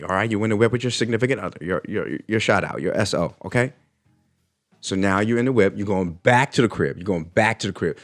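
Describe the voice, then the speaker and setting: A young man with a fairly low voice hosts a casual podcast. He rambles and riffs with slang and keeps repeating his lines. Faint music plays behind him. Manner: animated, rambling, riffing with slang and repeated phrases. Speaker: podcast host. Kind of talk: casual solo podcast chat answering listener questions.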